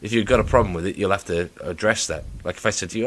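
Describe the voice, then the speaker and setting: A man co-hosting a casual podcast, telling stories in an animated, mocking way with sudden outbursts. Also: lowish voice, quick pace, few pauses. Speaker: podcast co-host. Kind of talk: casual chat.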